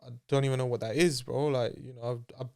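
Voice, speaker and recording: A man's voice: mid-range voice, fairly even intonation, quick pace, dark tone. A man telling his story as an interview guest in a casual, chatty way, full of slang and acting out the voices of people he quotes.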